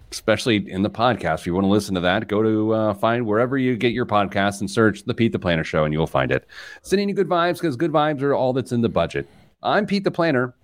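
A man's voice: on the low side, no echo. A man hosting a personal finance radio show, chatting casually and joking at his own expense. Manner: self-deprecating, animated and joking. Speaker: podcast host, financial planner.

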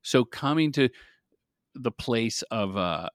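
Middle-aged man, energetic storyteller, casual interview, dry close mic. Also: mid-range voice, slow pace, no room sound. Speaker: guest, commercial director.

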